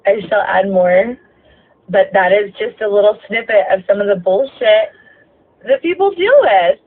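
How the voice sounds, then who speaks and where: A woman's voice: mid-range voice, expressive, moderate pace. Exasperated woman ranting over a phone line. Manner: heavy swearing, exasperated, voice breaking with emotion. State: tired. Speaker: bus driver. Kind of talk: late-night venting rant. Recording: tinny phone-line sound, faint hiss.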